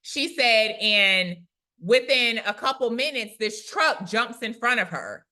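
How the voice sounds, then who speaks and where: Bright-voiced woman telling a faith story. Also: a little high, takes it slowly. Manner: chatty, animated retelling with frequent "she's like" and "right?". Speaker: Christian YouTuber, prophetic speaker. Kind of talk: conversational storytelling testimony.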